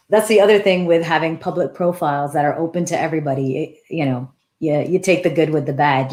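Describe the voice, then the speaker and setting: A woman in her thirties, a dance teacher hosting a casual live-stream Q&A, talking warmly and thinking aloud as she reads out comments. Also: low-pitched. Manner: warm, animated, thinks aloud with restarts.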